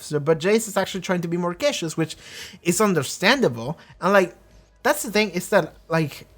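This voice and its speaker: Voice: mid-range voice, lively intonation, moderate pace. A reaction channel host in a casual episode discussion, rambling with lots of filler, swearing freely, and briefly acting out characters' lines.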